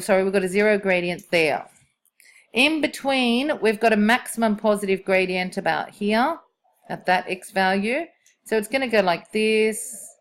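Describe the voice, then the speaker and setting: A woman teaches a maths lesson in a relaxed classroom manner. She thinks aloud as she works and keeps turning questions back to her students. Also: medium pitch. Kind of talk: classroom lesson on curve sketching.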